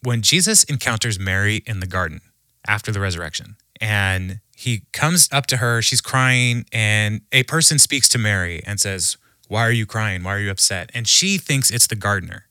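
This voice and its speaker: A man speaking as a podcast guest who tells stories in an animated way and laughs often. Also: lowish voice, normal speed, no echo, clean studio sound. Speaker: podcast guest, humor researcher. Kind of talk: conversational storytelling.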